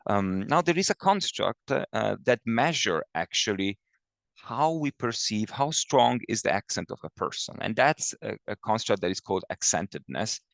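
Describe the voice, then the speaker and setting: Man, academic webinar lecture, gravelly voice, dry close sound, halting with fillers, keeps asking "okay?". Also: lowish voice, animated, fairly bright tone, dry recording. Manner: halting, many fillers, ends points with a checking "okay?". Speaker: academic presenter. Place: home or office, speaking from afar over the web. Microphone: video call computer mic.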